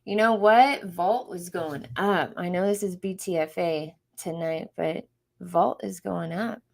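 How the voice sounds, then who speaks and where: A woman's voice: lowish voice, measured pace, gravelly. A woman hosting a casual livestream from home, chatting, greeting viewers by name and laughing often. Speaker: livestream host.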